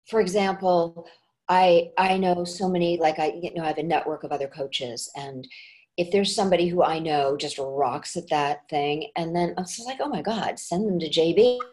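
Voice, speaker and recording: A woman who coaches dialects, chatting as an interview guest and jumping into quick acted examples as she explains. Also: lowish voice. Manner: animated, acts out voices when giving examples. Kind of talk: casual interview chat.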